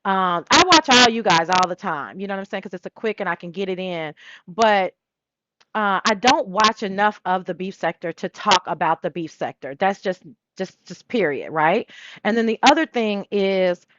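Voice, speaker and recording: A woman hosting her own talk show, chatting casually and breaking into quick impressions of people. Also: medium pitch, dull audio, noisy background. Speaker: show host. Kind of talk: casual solo chat.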